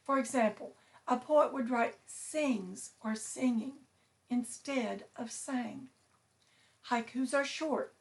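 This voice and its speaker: A woman teacher reading a picture book aloud to her students, slow and clear, stressing each syllable. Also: fairly high pitch.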